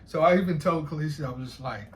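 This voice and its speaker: A man's voice: a little high, fast. Rambling profane man, faint background hiss. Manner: profane, repetitive, laughing asides. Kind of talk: casual rambling monologue.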